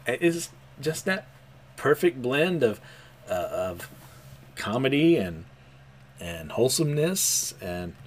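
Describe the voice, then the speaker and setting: A young man talks through story chapters in a casual way, stopping for small laughs and filling pauses. His pitch rises and falls widely, and his pitch sits in a middle range. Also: slight background noise. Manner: animated, chuckles often, hesitant fillers. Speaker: manga reviewer.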